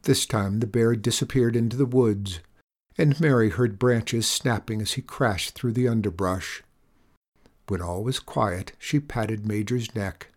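A man narrating a children's storybook aloud in a gentle, expressive way. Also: lowish voice, unhurried.

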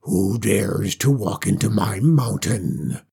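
A man doing a slow, menacing storybook dragon. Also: animated, gravelly, mellow, husky, full character voice. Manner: slow, booming and threatening. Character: huge ancient male dragon, menacing and proud. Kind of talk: storybook reading.

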